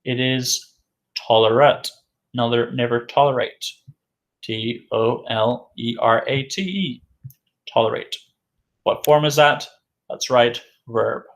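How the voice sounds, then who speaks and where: In a recorded vocabulary lesson, a male English teacher slowly drills each word several times at a medium pitch. He poses questions and then answers them himself.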